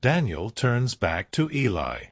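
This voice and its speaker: Slow, deliberate male story narrator. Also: mid-range voice, very animated, no echo, studio quality.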